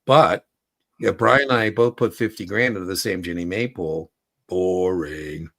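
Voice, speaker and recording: A man hosting a casual livestream Q&A as an exam prep coach, chatty and animated, telling stories. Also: deep voice, unhurried.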